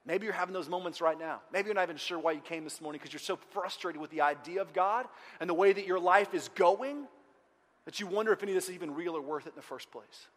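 A man preaching a sermon as pastor, moving between loud outcries and hushed, quiet passages. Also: high-pitched, fast talker. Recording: long hall reverb.

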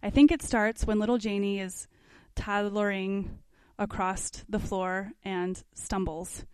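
A woman's voice: mid-range voice, steady tone, takes it slowly, darkish tone, clear, resonant tone, no echo. A woman teaching a parenting class, reading passages aloud from a book and adding casual comments with questions to her listeners. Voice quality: conversational, asks the class questions.

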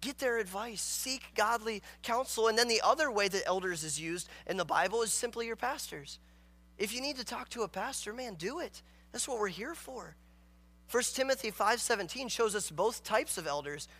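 A man preaching in an earnest, emphatic way, with a notably high voice that sits bright and forward. He reads scripture and breaks into acted-out dialogue. It is a pastor's sermon delivered to a congregation. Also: expressive, normal speed, slightly rough.

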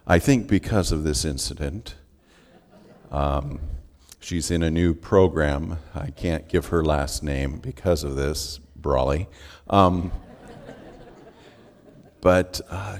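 A man's voice: low-pitched, darkish tone. A man preaching a sermon as a pastor, telling a story and acting out its scenes. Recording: long hall reverb.

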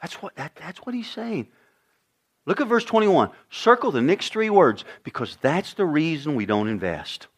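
A man preaching a sermon as pastor, swinging from quiet intensity to loud emphasis and putting questions to his congregation. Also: on the high side, very animated, moderate pace, slightly rough. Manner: dramatic shifts in volume, acting out voices.

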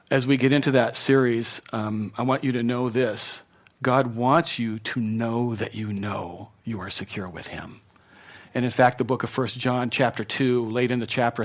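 A man preaching a sermon as pastor in a church, conversational and at times emphatic. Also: medium pitch.

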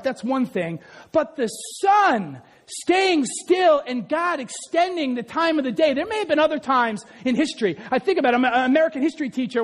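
A male preacher delivers his sermon in a very high, animated voice. He often breaks into shouts, then drops to quiet asides and keeps checking in with the congregation. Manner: keeps asking the congregation "right?".

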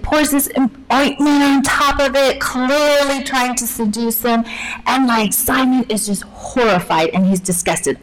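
A woman's voice: sits high, poor audio. Chatty woman teaching from scripture. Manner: chatty, peppered with "like", acts out the story. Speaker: women's ministry speaker. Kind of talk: casual Bible teaching.

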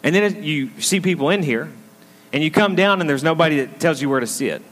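A pastor with a fairly high, expressive, slightly bright voice speaks at a fairly quick clip, delivering a conversational sermon. He tells a story and pulls the congregation in with frequent asides. The church meets in a school auditorium, and the recording carries a long hall reverb.

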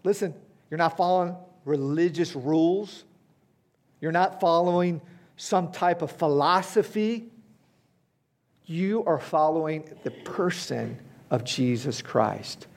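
Man, fifties, pastor, sermon, fairly high voice, conversational, keeps asking "right?". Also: slow pace. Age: 50s. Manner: conversational preaching with frequent "right?" and "okay?" checks. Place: church hall before a congregation.

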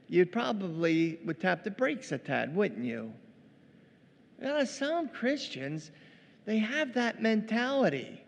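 A man preaching a sermon as pastor, animated and acting out quoted voices, in a church. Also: sits high, slow pace, gravelly, big-room sound.

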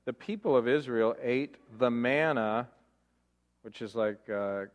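A man preaching a sermon as pastor, animated, firing off rhetorical questions and mimicking grumbling voices for laughs. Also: medium pitch, unhurried. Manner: animated, rhetorical questions, mock-complaining voices for comic effect. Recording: long hall reverb.

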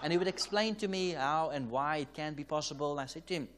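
This South African preacher talks quickly with few pauses, his male voice on the high side, as slight background noise sits behind him. At a conference in a church or conference hall, he tells an anecdotal story, acting out the conversations and chuckling frequently.

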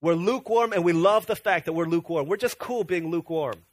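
A man with a high voice delivers a lively sermon. He talks to the congregation in a casual way and often restarts his sentences mid-thought. The sound is close and dry. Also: fairly quick, few pauses, dry recording. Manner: animated, conversational preaching with restarts. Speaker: pastor.

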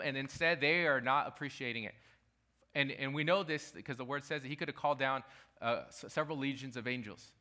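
A man's voice: medium pitch, fairly quick, pushed and bright. A man preaching a sermon as pastor, talking emphatically and repeating his key phrases.

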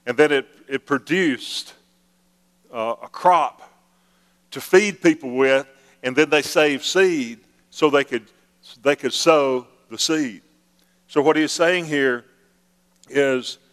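A man's voice: medium pitch, fairly bright tone. A male pastor preaching a conversational sermon, acting out the prayers of the congregation with playful emphasis. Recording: long hall reverb.

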